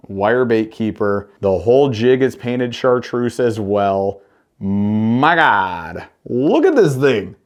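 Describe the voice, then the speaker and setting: Man, fishing vlog host, lowish voice, excitable, slangy, joking gear review.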